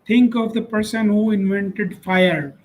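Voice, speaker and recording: A man's voice: sits high, fairly even intonation, unhurried, darkish tone, poor audio. A man hosting a casual chat, making emphatic, repetitive points through rhetorical lists.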